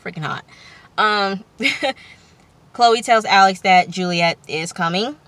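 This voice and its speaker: A woman's voice: mid-range voice, takes it slowly, fairly bright tone, dry recording. A woman recapping a TV episode for her vlog in a loose, slangy way, swearing freely and making chatty asides. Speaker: TV recap vlogger.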